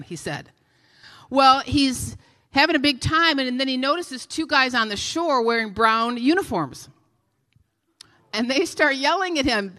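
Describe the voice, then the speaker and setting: A woman, a guest pastor preaching an animated sermon with laughs and storytelling. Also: high voice, normal speed. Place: church sanctuary. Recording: reverberant church hall.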